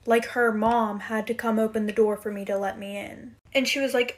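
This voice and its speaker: A woman's voice: fairly high pitch, fairly even intonation, a little fast, hardly any pauses. Chatty young woman telling a friendship story. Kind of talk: casual storytime.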